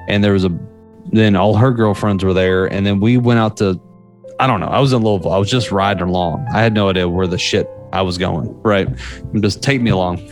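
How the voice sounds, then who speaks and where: A man animated caller telling a wild story. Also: on the low side. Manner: animated, laughs often, acts out others' lines. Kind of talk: casual storytelling. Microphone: phone call-in.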